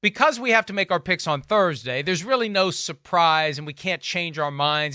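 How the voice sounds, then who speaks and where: A man co-hosting a casual football show, delivering stats and picks in a wry, deadpan manner. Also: a little high, clean tone, no echo, studio quality. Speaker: co-host, football reporter. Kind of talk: casual sports chat.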